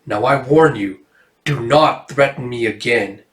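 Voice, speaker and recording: A man voicing a mysterious old witch who speaks in a measured, solemn way. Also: mid-range voice, a bit bright, reverberant, distant mic, close to an everyday voice. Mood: stern. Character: mysterious old witch woman, calm and stern.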